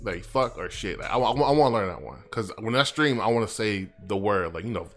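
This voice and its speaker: A man's voice: fairly low pitch, fairly quick, faint music behind. A man co-hosting a podcast in casual chat, slangy and laughing often. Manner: animated, laughs a lot, slangy. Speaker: podcast co-host.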